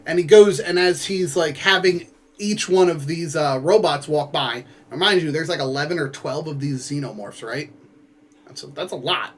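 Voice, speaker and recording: A man's voice: high voice, normal speed. A man casually recapping a book at home, rambling with lots of filler words and playful asides to viewers.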